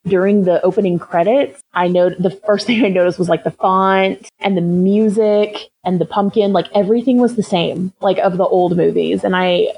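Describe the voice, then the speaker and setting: A woman's voice: mid-range voice, steady tone, normal speed, few pauses, a little mellow, breathy edge, low-quality recording. A young woman co-hosting a podcast, chatting casually with lots of fillers and frequent laughs. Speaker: podcast co-host. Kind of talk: casual chat.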